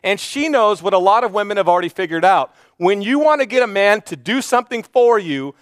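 A male pastor preaching a sermon, retelling a Bible story with animated storytelling and acting out the characters' lines. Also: high voice, brisk, clean tone, no echo, clean studio sound.

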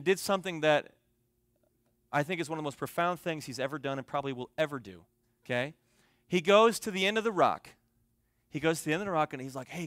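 A young man delivers a sermon in a fairly high voice, recorded close and dry with little room sound. He tells stories and swings from soft, hushed passages to loud, emphatic calls. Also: no room sound. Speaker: pastor.

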